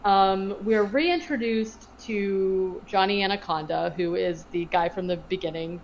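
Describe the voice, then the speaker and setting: A woman's voice: mid-range voice, unhurried, dull audio, slight background noise. A woman co-hosting a podcast, rambling through a casual movie recap full of fillers. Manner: rambling, filler-heavy storytelling. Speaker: podcast co-host.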